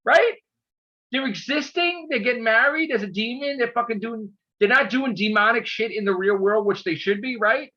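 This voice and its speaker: A man's voice: very high-pitched, brisk, hardly any pauses, sharp tone, lo-fi sound. A man in casual chat, ranting with heavy profanity. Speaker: podcast host.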